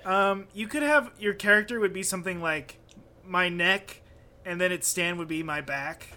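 A man's voice: high voice, moderate pace, sharp tone. A man co-hosting a casual comedy podcast, giggly and crude as he riffs on jokes. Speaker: podcast co-host.

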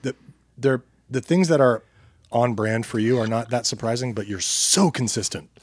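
A man's voice: medium pitch, moderate pace, breathy edge, dry recording, clean studio sound. A man co-hosting a casual podcast, teasing and chiming in with facts. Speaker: podcast co-host. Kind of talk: casual chat.

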